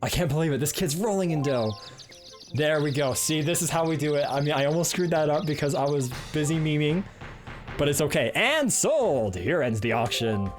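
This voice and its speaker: A man's voice: fairly high pitch, fairly quick, a little mellow, soft background music. A man streaming a video game live, talking playfully and jokingly, often stammering and repeating words. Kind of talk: live gameplay commentary.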